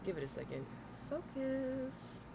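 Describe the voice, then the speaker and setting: A woman's voice: sits high, sing-song, slow, creaky, very noisy. A woman in her thirties, a reaction streamer chatting casually with her live viewers, laughing often as she greets them. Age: 30s. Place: home room with air conditioner humming.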